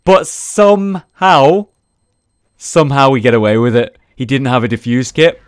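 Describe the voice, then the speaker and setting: A man's voice: mid-range voice, brisk, clean tone, no room sound, clean studio sound. A young man chatting casually over gameplay footage, recapping rounds and swearing freely. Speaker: gaming video host.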